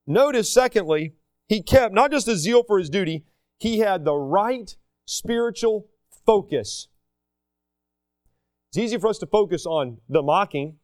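Guy preaching a sermon, high voice that swings all over, dry close sound, does little voices for people. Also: measured pace, dry recording. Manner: animated, acts out the people he quotes.

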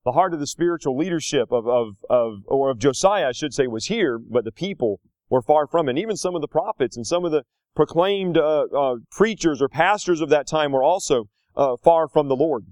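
A man preaching a sermon, his fairly high voice swooping up and down as he tells the story. He talks in a folksy, animated way and slips in little acted asides. The sound is close and dry, with no room around it. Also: fairly quick, dry recording. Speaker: pastor.

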